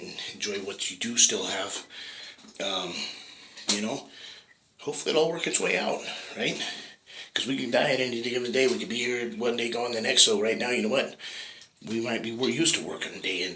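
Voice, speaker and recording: Guy rambling on his vlog, cusses a lot, keeps saying right?, sharp voice, echoey room. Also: on the low side. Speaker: fitness vlogger. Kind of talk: casual rambling talk. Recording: echoey room with faint noise.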